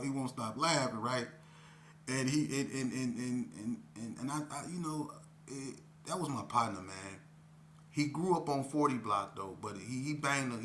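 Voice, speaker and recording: A man's voice: medium pitch, bright, forceful tone, a little hiss or hum. A middle-aged man from Las Vegas telling his own life story in an earnest, rambling way, often breaking in with "you know what I'm saying.". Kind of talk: casual street storytelling.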